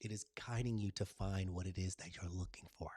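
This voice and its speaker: A man hosting his own live stream, telling stories and giving a spiritual pep talk. He is animated and affectionate, calls viewers y'all and baby, and swings between loud excitement and a soft hush. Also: low-pitched, a little fast, breathy edge. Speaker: channel host.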